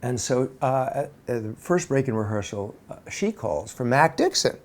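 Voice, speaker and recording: A man telling a personal story in a casual, animated way. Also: medium pitch, normal speed, few pauses. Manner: animated, acts out quoted voices.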